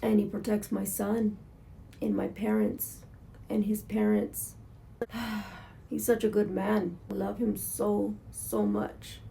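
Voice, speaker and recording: A woman's voice: mid-range voice, very animated, takes it slowly, gravelly, warm tone, slight background noise. A woman vlogger telling her story at home in a casual, candid, earnest way, swearing freely. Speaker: motorcycle vlogger. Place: at home, in pajamas.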